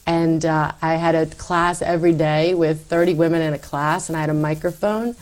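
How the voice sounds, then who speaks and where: A woman guest telling her faith story in an interview, animated and acting out her past self. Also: sits low, normal speed. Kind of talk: personal faith testimony.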